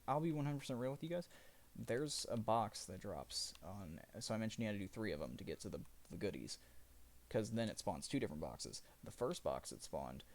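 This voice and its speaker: A man's voice: on the low side, vocal fry, slight background noise. A man streaming live, chatting casually and rambling about a video game, often correcting himself mid-sentence. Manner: rambling, self-correcting gamer talk. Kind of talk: casual livestream chat.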